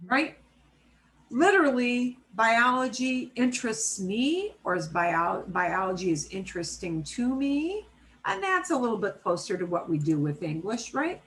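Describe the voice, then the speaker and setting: A woman with a fairly high voice teaches a class over a video call. She is chatty and explains at length, with many asides. She keeps checking in with her students. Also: big pitch swings, measured pace, a bit bright, poor audio. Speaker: Spanish teacher. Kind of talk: casual online class teaching.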